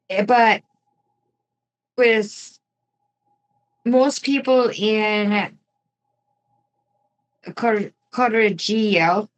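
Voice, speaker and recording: A woman's voice: medium pitch, poor audio. A woman hosting a true crime podcast, telling the case in a casual, chatty way with jokey asides. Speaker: podcast host.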